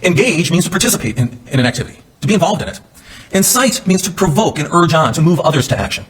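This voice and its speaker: A man's voice: on the high side, sing-song, quick pace, breathy edge. A man giving a courtroom closing argument as a defense attorney, talking conversationally with digressions and asides.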